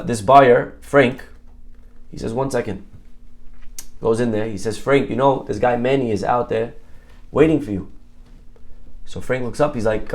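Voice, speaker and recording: A man's voice: mid-range voice, a little mellow. A man, a rabbi giving a sermon, telling stories in a conversational way with asides and questions to his audience.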